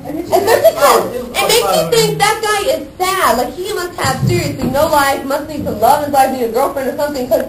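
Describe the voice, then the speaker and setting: A high-voiced young woman teacher talks to her class in a chatty, worked-up way, acting out how she reacted as the story goes on. She is recorded from across a noisy, echoey classroom. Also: brisk, few pauses, recorded from a distance, over a noisy crowd.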